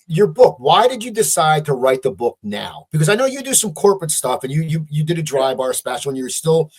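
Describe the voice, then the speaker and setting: Husky-voiced male podcast host asking questions. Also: on the high side, very animated, fairly quick. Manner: eager, repeats words as he starts questions. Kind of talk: interviewing a guest.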